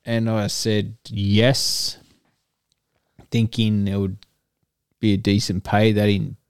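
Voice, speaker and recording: A man, a podcast guest telling a story slowly and jokily, with many fillers. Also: fairly low pitch, level tone, smooth, no room sound, clean studio sound. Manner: slow, hesitant, jokey storytelling with many fillers. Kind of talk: casual podcast chat.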